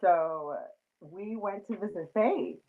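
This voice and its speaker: A woman hosts a casual chat, rambling along with many fillers and frequent laughs. Her mid-range voice moves slowly, and the recording sounds tinny, like a phone line.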